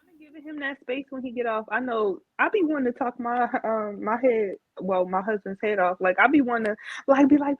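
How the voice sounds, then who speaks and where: A woman's voice: a little high, a little fast, no room sound, phone-quality sound. A woman co-hosting a casual chat, telling stories animatedly and acting out quotes. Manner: animated storyteller, acts out quotes. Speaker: podcast co-host.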